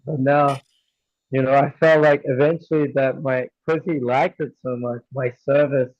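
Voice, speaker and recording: A man's voice: mid-range voice, fairly even intonation, moderate pace, no echo. A man from Australia sharing a story in a casual class discussion, rambling loosely with lots of filler words. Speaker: devotee sharing experience. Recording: slightly dull lo-fi audio.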